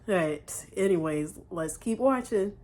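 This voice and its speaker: A woman's voice: medium pitch, lively intonation, takes it slowly, darkish tone, a little hiss or hum. A woman hosting a reaction video, giving casual, emphatic commentary. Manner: emphatic, chatty.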